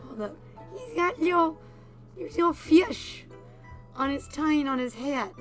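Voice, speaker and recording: A woman giving playful, quick casual commentary while playing a story game. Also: high voice, lively intonation, soft background music. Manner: playful, giggly, quick asides. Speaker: game streamer.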